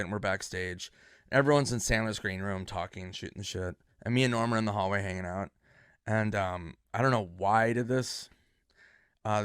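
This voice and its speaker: A man's voice: on the low side, clear, resonant tone, no echo, studio quality. A man casually telling a long funny story, swearing as he builds it up. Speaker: comedian guest. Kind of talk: casual anecdote chat.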